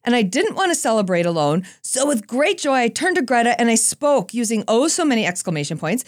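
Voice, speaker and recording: A woman giving a Christian talk, telling a personal story in a lively, conversational way with self-deprecating asides. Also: on the high side, a little fast, hardly any pauses, dry recording, clean studio sound. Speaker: Christian speaker.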